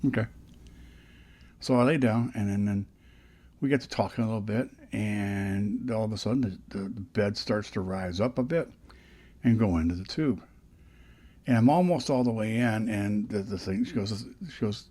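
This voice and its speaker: An older man with a fairly low voice rambles through casual vlog stories, often restarting his sentences. He talks close into a dynamic studio microphone. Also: moderate pace, warm tone. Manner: rambling, chatty, frequent restarts. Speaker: podcast host.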